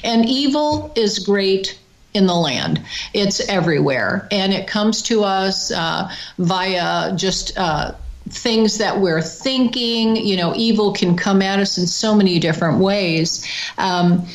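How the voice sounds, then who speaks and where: A woman recounts a personal story at an unhurried pace. Her voice sits in a middle register. She speaks earnestly, pausing for effect and acting out quoted exclamations. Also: mid-range voice, animated, rough recording. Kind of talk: casual spoken storytelling.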